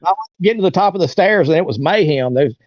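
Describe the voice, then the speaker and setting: A fast-talking, expressive man with a fairly high pitch recounts a story casually as an interview guest, acting out quoted voices. There's no room sound, and the lo-fi audio comes across dull and dry.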